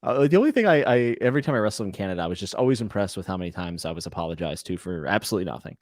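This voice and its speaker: A man hosting a casual podcast livestream, relaxed and laughing often as he reads out chat comments. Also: deep voice, very fast, dry recording, studio quality. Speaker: podcast host.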